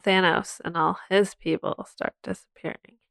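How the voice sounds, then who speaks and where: A wry woman with a gravelly, fairly low voice co-hosts a podcast, chatting casually as she recaps a movie. Her intonation is fairly even and her pace moderate, and the recording is clean studio sound with no room echo.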